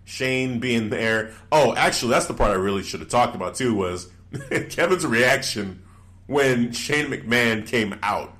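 A man's voice: medium pitch, measured pace. A man co-hosting a casual chat, talking loosely with frequent laughs and acted-out quotes. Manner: animated, laughs often, acts out quotes. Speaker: podcast co-host. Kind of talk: casual wrestling recap chat.

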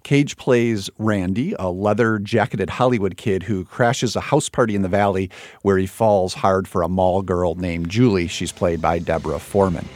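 A man co-hosting a film podcast, giving a thoughtful, measured film review. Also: low-pitched, darkish tone.

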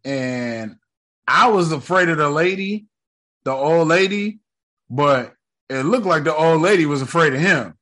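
A man's voice: fairly high pitch, expressive, a little slow, a bit bright. A man co-hosting a casual recap podcast, talking in a laid-back, slangy, joking way. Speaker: podcast co-host. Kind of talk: casual TV episode recap chat.

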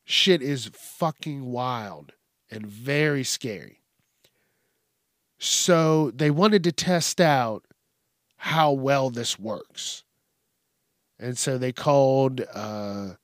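A man's voice: mid-range voice, extremely slow, long pauses, fairly bright tone, no echo, studio quality. A man hosting a podcast, giving rambling, profane, casual commentary on the news. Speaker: podcast host.

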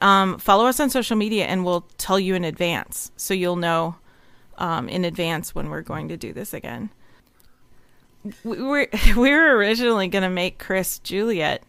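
A woman hosting a relaxed wrap-up chat after a group reading, chatty and giggly, with many fillers. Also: mid-range voice, clean tone, no room sound. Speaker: host and organizer of the reading. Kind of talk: casual stream wrap-up chat.

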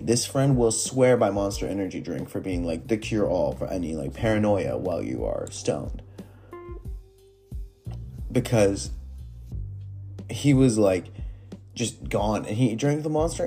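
A young man telling stoner stories from Reddit in a rambling, animated way, full of fillers and swearing. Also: mid-range voice. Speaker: storyteller reading Reddit posts. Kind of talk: casual storytelling.

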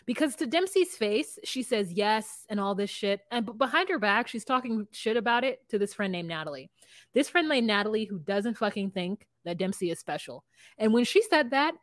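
A woman's voice: fairly high pitch, animated, moderate pace, a bit bright, no echo, studio quality. A woman co-hosting a podcast, recapping a reality show in blunt, profane casual chat and laughing often. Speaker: podcast co-host.

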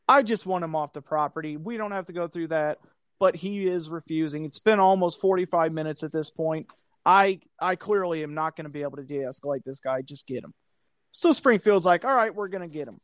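A man with a fairly high voice tells a story about a shift at work, swearing freely and acting out every quoted line. The sound is dry and close, with almost no room around it. The talk is loose and chatty. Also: no room sound. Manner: animated, acts out quotes, profane. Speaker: storyteller, security guard. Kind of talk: casual storytelling chat.

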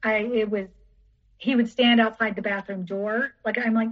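Woman, podcast guest, recounts her past in a rambling, repetitive way; fairly high voice; muffled lo-fi recording. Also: fairly even intonation, normal speed. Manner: rambling, repeats herself, acts out others' lines. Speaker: teacher. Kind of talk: personal storytelling in an interview. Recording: dull lo-fi recording.

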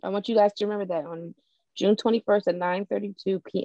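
A woman's voice: medium pitch, steady tone, fast, warm tone, no echo, muffled recording. A woman co-hosting a podcast in casual chat, playful and full of bold declarations. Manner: playful, declaring, laughs often. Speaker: podcast co-host.

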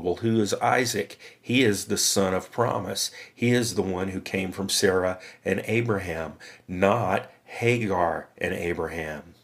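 Brief: male podcast preacher, unhurried, slightly low, calls listeners friends. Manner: rhetorical questions, addresses listeners as friends. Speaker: Bible teacher. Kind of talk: verse-by-verse Bible teaching podcast.

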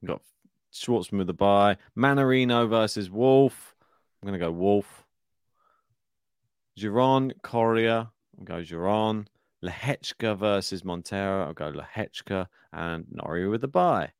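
A man's voice: lowish voice, lively intonation, a little slow, clear, resonant tone, no room sound, studio quality. A man co-hosting a tennis podcast, chatting casually through his bracket picks, laughing often and thinking aloud. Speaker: podcast co-host. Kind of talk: casual tennis draw chat.

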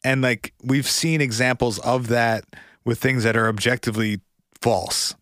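A man co-hosting a podcast, talking in a measured way and reasoning things through aloud. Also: mid-range voice, fairly even intonation, fairly bright tone, dry recording, studio quality. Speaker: podcast co-host. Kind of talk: casual chat.

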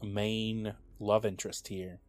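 A man's voice: lowish voice, flat delivery, takes it slowly. A man co-hosting a podcast, chiming in with wry, dry asides in casual chat. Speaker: podcast co-host.

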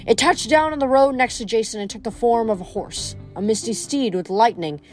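A woman reading a novel aloud in an expressive storytelling manner. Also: a little high, fairly quick, faint music behind. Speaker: reader.

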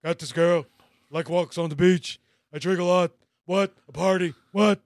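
A man putting on the voice of a brash male wrestler who barks short shouted bursts. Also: sits high, steady tone, normal speed, no echo, clean studio sound, voice pushed up. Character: brash loud male wrestler barking "What?".

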